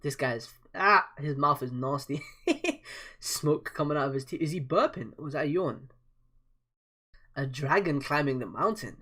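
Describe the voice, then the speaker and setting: A young man casually reading a manga aloud and reacting with excited slang. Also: fairly high pitch, unhurried, long pauses, breathy edge. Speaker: manga reader.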